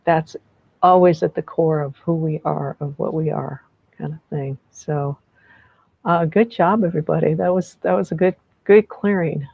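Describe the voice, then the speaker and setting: Leading a group energy clearing by video call, a woman speaks gently and encouragingly, wandering off and restarting often. Her low voice holds a steady tone at normal speed, and the audio sounds narrow and tinny.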